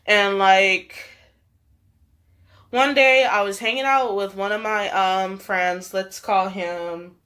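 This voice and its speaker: A woman's voice: medium pitch, slow pace, pauses often, a bit bright. A young woman vlogger telling a story in a chatty way, full of "like" and laughs. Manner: chatty, many fillers and laughs. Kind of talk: storytime vlog chat.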